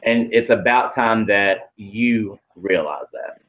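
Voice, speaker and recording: Low-voiced man channeling blunt messages. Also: slow pace, highs cut off. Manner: relays spirit messages with blunt swearing, hesitant fillers. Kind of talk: live channeling Q&A.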